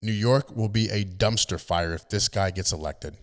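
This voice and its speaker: A man's voice: fairly low pitch, normal speed. A man ranting as a political commentator, emphatic and indignant, stumbling into restarts.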